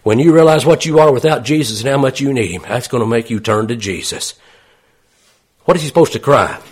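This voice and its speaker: A man's voice: mid-range voice, brisk, slightly rough. A man preaching a sermon in a folksy, plain-spoken way, often asking his listeners questions.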